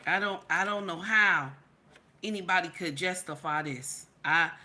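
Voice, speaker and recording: Woman live-stream commentator, near tears, scolding and repetitive, sharp and forceful tone. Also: lowish voice, a little slow. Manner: emphatic and repetitive, swings between loud scolding and quiet near-tearful talk.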